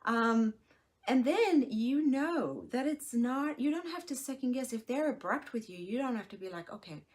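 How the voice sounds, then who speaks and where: A woman's voice: high voice, moderate pace. A woman in her forties hosting a solo podcast as a life coach, talking in a frank, reassuring way and acting out quoted voices, sometimes dropping to a near whisper. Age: 40s. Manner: animated, acts out quoted voices, drops to soft near-whispers. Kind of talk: casual solo podcast talk.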